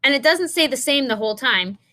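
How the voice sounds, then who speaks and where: A young adult woman teaches a recorded science lesson straight to her students. Her voice sits a little high, and she explains in a chatty, unscripted way, restarting sentences and filling pauses as she goes. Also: animated, bright, forceful tone.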